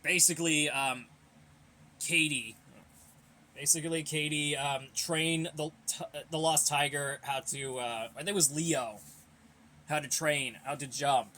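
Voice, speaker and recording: A man's voice: fairly high pitch, fairly even intonation, a little slow, pushed and bright. A young man hosting a casual Q&A, reading viewer questions and giving blunt, rambling opinions while a little out of breath. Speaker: host of a fan Q&A channel.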